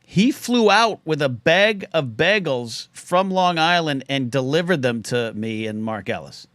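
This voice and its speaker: A man's voice: a little high, animated, unhurried, a bit bright, dry recording. A man hosting a live call-in show, rambling and repeating words as he chats with callers. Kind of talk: casual live call-in chat.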